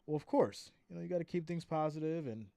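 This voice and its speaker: A man's voice: a little high, fast, gravelly, warm tone, dry recording, studio quality. Chatty man calling a game live. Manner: reads viewer comments aloud, chatty, laughs often. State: tired. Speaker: live stream host doing play-by-play. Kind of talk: casual live play-by-play and chat reading.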